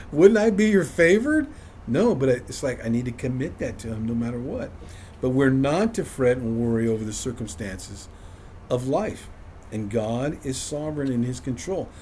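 A man's voice: medium pitch, expressive, moderate pace, mellow, slight background noise. A man leading an informal Bible study for a small group, conversational and self-deprecating, often chuckling.

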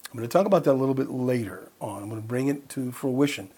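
A middle-aged man preaching a sermon, his voice a little husky and breathy, sitting in a middle pitch. He moves between reading verses and telling personal stories, acting out bits of dialogue as he goes. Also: quick pace, a little mellow. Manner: conversational, storytelling with quoted dialogue and laughs. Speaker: pastor.

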